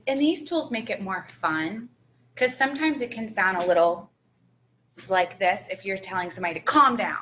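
A woman with a bright, forceful tone co-presents a childcare seminar. She talks gently, in a kid-friendly way. A faint background hum is present. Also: medium pitch, animated, normal speed. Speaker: early childhood trainer.

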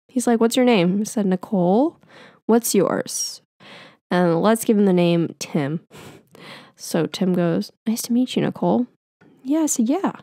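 A woman's voice: medium pitch, a little mellow, dry recording, studio quality. A woman, hosting a podcast and rambling through a story in casual chat, acting out the other people in it. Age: 20s. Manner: chatty, rambling, quotes people in a raised voice. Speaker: podcast host.

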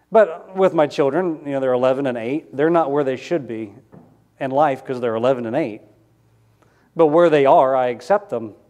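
A man in his thirties preaches a Sunday sermon with a slightly high voice. He talks conversationally and keeps asking the congregation questions. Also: a little mellow. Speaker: pastor.

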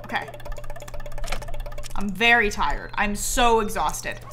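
A woman's voice: medium pitch, very animated, slow pace. A young woman streamer giving casual, jokey gameplay commentary with dramatic reactions. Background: game music.

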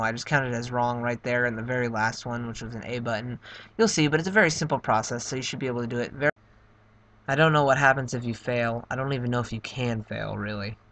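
A man's voice: medium pitch, fairly even intonation, fast, a bit bright. A young man giving casual, rambling, upbeat commentary over a game playthrough. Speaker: let's play narrator.

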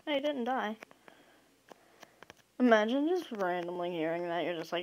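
A woman giving casual, self-mocking commentary while playing a video game, quick to get excited. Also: mid-range voice, low-quality recording. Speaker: gaming video creator.

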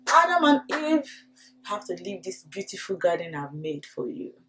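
A woman's voice: mid-range voice, very animated, moderate pace, fairly bright tone, a little hiss or hum, pitched below the performer's own voice. Woman doing a solemn sorrowful god. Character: stern sorrowful male deity, solemn.

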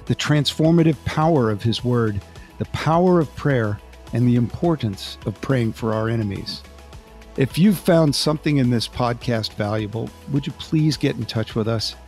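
Guy hosting a podcast, mid pitch, friendly wrap-up read, faint music behind. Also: moderate pace, a little mellow. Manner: friendly, inviting listeners to get in touch. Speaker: podcast host. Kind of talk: scripted podcast outro.

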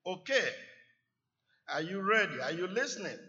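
A preacher voicing God as a calm, commanding figure who gives firm, patient instructions, in an echoey church hall. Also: male voice, sits high, moderate pace, lo-fi sound, voice pushed up, exaggerated voice. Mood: calling.

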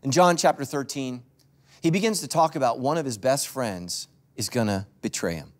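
Pastor guy cracking jokes in his sermon, normal middle pitch, talking right to the crowd at church. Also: moderate pace. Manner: joking storyteller, talks straight to the congregation. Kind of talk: conversational sermon. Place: church stage before a congregation.

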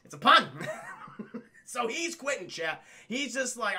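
A man's voice: extremely high pitch, sing-song, slow pace, sharp tone. A man streaming a casual spoiler film review, rambling, swearing and addressing his chat.

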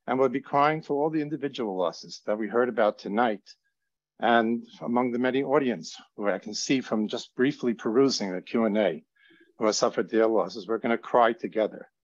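A man giving earnest, measured closing remarks and telling a story on an online grief panel. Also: medium pitch, no room sound, lo-fi sound. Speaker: trauma center director speaking on a grief panel.

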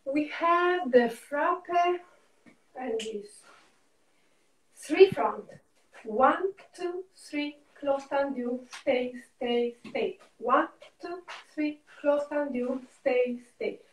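High-voiced ballet teacher calling steps. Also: female voice, extremely slow, a little hiss or hum. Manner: calls out counts and steps in short phrases. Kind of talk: ballet class instruction. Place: dance studio. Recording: roomy studio, far from the mic, music behind.

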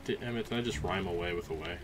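A young man casually commentating a video game, chatty and jokey, with loud excited outbursts. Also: deep voice, quick pace, background noise. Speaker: let's play host. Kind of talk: gameplay commentary.

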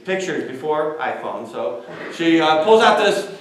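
A man giving a university talk, telling an anecdote with animated delivery and questions tossed to the audience. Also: a little high, a little slow, slight background noise. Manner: animated storytelling, quizzes the audience. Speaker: guest speaker. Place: large lecture hall. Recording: echoey hall, far from mic.

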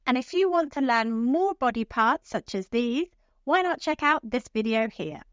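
A woman teaching medical English pronunciation, speaking slowly and enunciating each term clearly. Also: on the high side, expressive, no room sound, studio quality. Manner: slow, clearly enunciated, instructive. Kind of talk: pronunciation lesson.

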